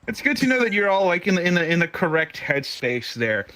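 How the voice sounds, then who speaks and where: A man's voice: sits high, big pitch swings, fairly quick, bright, forceful tone, poor audio. A man in his twenties telling a profane stand-up story, with lots of stammered restarts. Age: 20s. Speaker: stand-up comedian. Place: online virtual comedy show.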